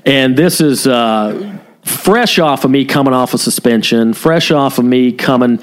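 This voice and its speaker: A man with an ordinary middle-pitched voice tells a long story in relaxed podcast chat. He talks candidly and swears often, in a plain studio-mic sound. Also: a little slow. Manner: candid, heavily profane storytelling. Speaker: podcast co-host, former police officer.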